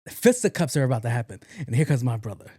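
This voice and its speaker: A young adult man hosting a podcast, telling a comic story in a loose, profane and animated way, often laughing along with himself. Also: mid-range voice, racing, slightly rough, no echo, clean studio sound. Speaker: podcast host. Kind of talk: casual comedic storytelling monologue.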